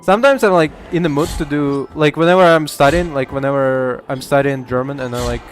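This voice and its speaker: A man's voice: a little high, brisk, soft background music. Rambling, swearing male gaming streamer. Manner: rambling, profane, laughs a lot, many fillers. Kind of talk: casual gameplay commentary.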